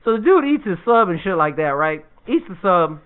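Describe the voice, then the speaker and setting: Animated high-voiced man telling funny stories. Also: a little fast, clean tone. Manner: animated, laughs often, swears a lot. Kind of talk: casual comedic storytelling. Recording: tinny phone-like sound.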